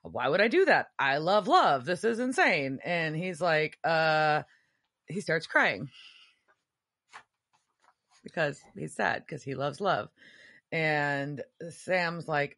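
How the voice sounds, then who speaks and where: Low-voiced woman recapping a TV episode. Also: expressive, unhurried, a bit bright. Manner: retells scenes acting out quotes. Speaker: podcast co-host. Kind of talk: casual recap chat.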